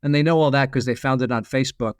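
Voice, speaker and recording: A man's voice: medium pitch, steady tone, quick pace, clean tone, no room sound, studio quality. A man as a podcast guest, explaining at length with frequent restarts. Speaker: guest, former FBI agent. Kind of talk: casual podcast interview.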